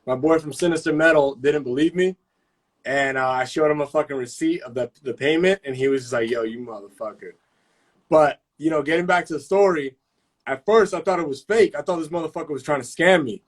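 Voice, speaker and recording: A man's voice: a little high, fairly quick. A man hosting a casual live-stream chat, telling stories in heavy slang with constant swearing. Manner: profane, animated storytelling with slang.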